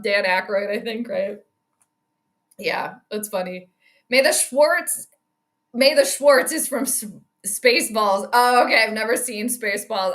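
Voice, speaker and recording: A woman's voice: a little high, fairly bright tone. A woman hosting a casual livestream, rambling chattily through game reactions, viewer greetings and tangents. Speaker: livestream host doing game commentary and astrology predictions. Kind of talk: casual live-stream chat and play-by-play reactions.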